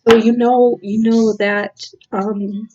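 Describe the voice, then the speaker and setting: A woman's voice: a little high, level tone, slow, warm tone, lo-fi sound. A woman giving a casual, heartfelt tarot reading, earnest and emotional, talking with many fillers and restarts. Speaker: tarot reader.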